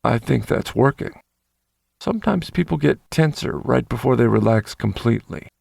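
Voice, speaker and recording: A man voicing a calm, commanding male dom with a low, soothing voice and unhurried authority. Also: creaky, no echo, studio quality. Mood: calm, coaxing.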